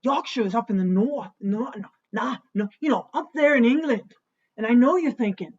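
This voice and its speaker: A woman's voice: fairly high pitch, normal speed, darkish tone, breathy edge, muffled recording. A woman hosting a casual home cocktail vlog, talking in a playful, jokey way and bantering with herself by name. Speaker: host of a home cocktail show.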